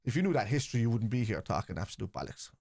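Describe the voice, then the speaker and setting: A man with a Scouse accent hosting a live football watchalong stream, reacting to the match and arguing bluntly with viewers in the chat, swearing freely and yelling out players' names. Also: medium pitch, big pitch swings, rapid-fire, vocal fry, no echo, clean studio sound.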